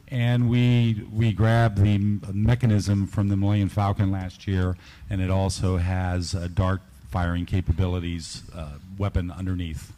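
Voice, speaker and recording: A man's voice: little pitch movement, measured pace, warm tone, low-quality recording. A man presenting new toys at a convention panel, talking with enthusiasm and lots of fillers. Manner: enthusiastic product pitch with frequent fillers. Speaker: toy designer presenting products.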